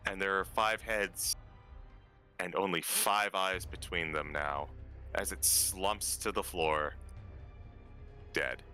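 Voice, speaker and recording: A man's voice: sits low, steady tone, slow, long pauses, sharp tone, faint music behind. A man acting as dungeon master, narrating a tabletop game with playful, dramatic flair.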